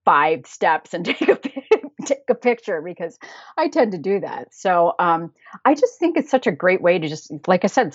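A woman's voice: sits low, no echo, muffled recording. An American woman chatting as a podcast guest, rambling and laughing often. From United States. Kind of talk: casual chat.

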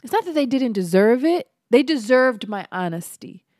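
A woman's voice: on the high side, animated, moderate pace, a little mellow, dry recording, clean studio sound. A woman guest on a podcast, chatting casually in a frank, earnest way and swearing freely. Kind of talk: casual chat.

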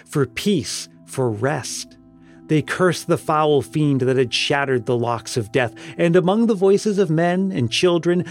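A man narrating an audiobook tale in a measured, solemn storytelling manner. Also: on the high side, darkish tone. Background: music.

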